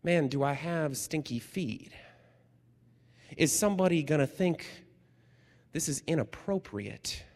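A man pastor preaching a sermon, telling stories with energy and dropping to hushed, slow tones for emphasis. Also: a little high, expressive, in a large hall.

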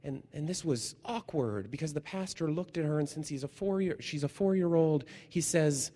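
A man pastor preaching a sermon, telling stories with energy and dropping to hushed, slow tones for emphasis. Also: a little high, long reverb tail.

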